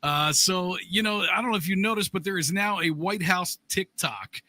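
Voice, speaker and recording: A man's voice: high voice, normal speed, sharp tone, no echo. A man co-hosting a podcast, reading the news casually with many fillers and laughing easily. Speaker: podcast co-host.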